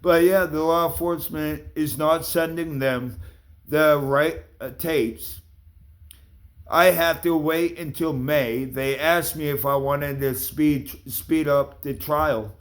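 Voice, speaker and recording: A man's voice: a little high, fairly even intonation, slow. A man in an angry, profane rant, accusing and swearing at the people he addresses. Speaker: vlogger.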